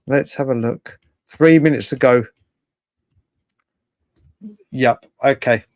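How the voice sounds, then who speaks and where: A man hosting a late-night live fan stream, rambling and excitable, thanking chat viewers by name. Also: on the high side, no echo. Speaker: fan channel host.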